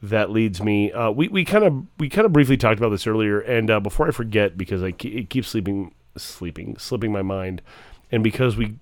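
Wry low-voiced podcast host. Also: male voice, expressive, quick pace, hardly any pauses, dry recording. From rural United States. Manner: wry, self-deprecating, joking asides. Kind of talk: casual podcast chat.

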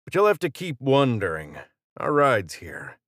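A man doing a gruff, brusque mercenary. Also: medium pitch, wildly swooping pitch, measured pace, fairly bright tone, no room sound, studio quality, voice pushed up, exaggerated voice.

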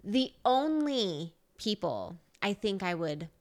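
Lively woman co-host retelling a movie. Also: mid-range voice, takes it slowly. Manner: animated, playful storyteller. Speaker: podcast co-host. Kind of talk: casual chat reviewing a movie.

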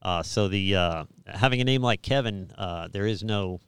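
Low-voiced pastor with faint New York accent. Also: male voice, normal speed, fairly bright tone, clear, resonant tone, no room sound. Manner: rambling, many restarts and fillers. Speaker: pastor, show host. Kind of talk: live interview, casual chat.

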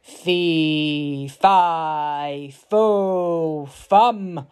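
A woman voicing a huge, hungry male giant who chants slowly and roars. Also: sits low, darkish tone, clear, resonant tone, pitched below the performer's own voice. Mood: roaring. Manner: slow drawn-out roaring chant.

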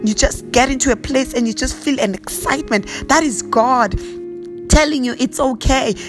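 A woman preacher praying fervently over listeners, repeating blessings and breaking into slow chanted tongues. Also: high voice, music in the background. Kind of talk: prayer sermon with speaking in tongues.

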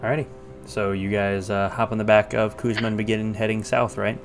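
A man narrating as game master in a relaxed way, often pausing with fillers as he describes scenes. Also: on the low side, soft background music. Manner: relaxed, hesitant with frequent fillers.

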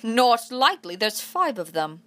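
A woman voicing a young farm lad, the narrator's practical older brother, speaking quietly in a storybook reading. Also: fairly high pitch, big pitch swings, a little slow, exaggerated voice.

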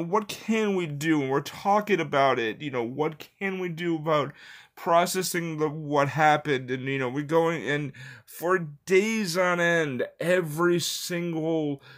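A man's voice: fairly high pitch, fairly bright tone. A man in his thirties from the United States telling a personal story in a rambling way, full of fillers, that turns heated as he goes.

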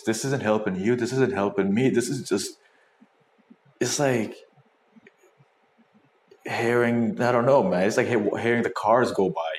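A man hosting a casual podcast, reacting to clips with crude, profane commentary and loud whoops. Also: fairly low pitch. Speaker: podcast host. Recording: echoey room, faint noise.

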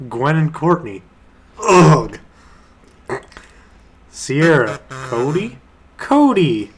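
Slow, lively young man reading aloud. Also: mid-range voice, slight background noise. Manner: halting, giggling reader. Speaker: podcast co-host reading fan fiction. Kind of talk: mock-dramatic reading with laughter.

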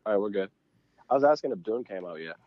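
A man co-hosting a casual podcast chat, loud and excitable, swearing freely. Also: fairly low pitch, fast, dry recording. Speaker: podcast co-host. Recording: dull, lo-fi sound.

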